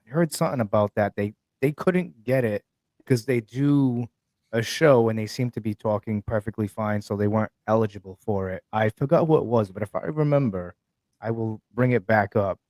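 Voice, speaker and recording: A man's voice: lowish voice, normal speed, darkish tone, no echo. A man co-hosting a casual sports talk show, chiming in with short, laid-back remarks. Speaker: co-host.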